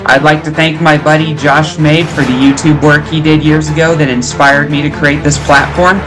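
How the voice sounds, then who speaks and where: A man with a slightly higher voice opens his podcast in an upbeat, scripted way. Music plays clearly underneath him. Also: level tone, moderate pace, poor audio. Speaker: podcast host. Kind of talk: show intro.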